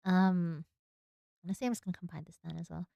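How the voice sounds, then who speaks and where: A woman's voice: on the low side, steady tone, fairly quick, gravelly, warm tone, no echo, clean studio sound. A young woman with an Australian accent, chatting casually to her stream while she draws and giggling at herself. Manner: chatty, self-mocking, giggly asides. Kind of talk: casual chat while drawing.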